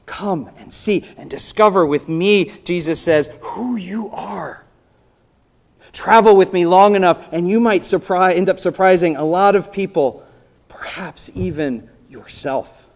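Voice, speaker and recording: Male pastor, sermon, chatty storyteller, voice on the higher side, quiet emphasis. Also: moderate pace, hardly any pauses. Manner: conversational storytelling, voicing biblical characters, drops to soft emphasis.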